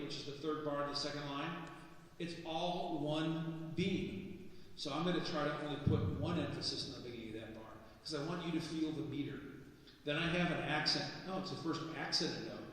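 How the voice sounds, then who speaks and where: A man's voice: on the high side, fairly bright tone, distant mic. A man giving a casual live lecture at a percussion clinic, restarting words and asking the audience questions. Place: concert hall stage. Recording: echoey hall recorded from afar.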